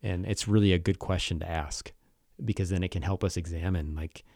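A man's voice: deep voice, steady tone, fairly quick, darkish tone, dry recording, studio quality. A man co-hosting a podcast, discussing faith in a thoughtful, questioning way. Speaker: podcast co-host.

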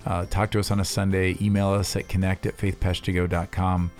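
Deep-voiced earnest man. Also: flat delivery, brisk, darkish tone, soft background music. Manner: earnest, many fillers and restarts. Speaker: pastor co-host. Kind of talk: church podcast conversation.

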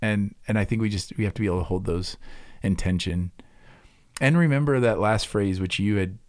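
A man's voice: lowish voice, a little fast, no echo, clean studio sound. A man co-hosting a church podcast, talking earnestly with frequent fillers and restarts. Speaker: pastor co-host.

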